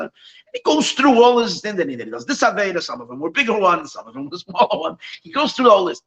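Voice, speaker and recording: This rabbi's voice sits high on a rough recording as he shares a Chassidic story at a nighttime gathering. He tells it with animation, frequently starting over and mixing in Yiddish.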